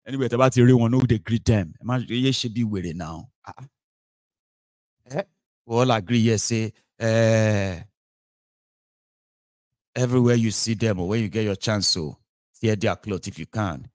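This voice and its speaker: A man with a Nigerian accent hosting a live political talk show, animated, switching between English, Pidgin and Yoruba with mocking asides. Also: on the low side, moderate pace, pauses often, no echo, clean studio sound. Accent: Nigerian, Yoruba-inflected. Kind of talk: live solo political commentary.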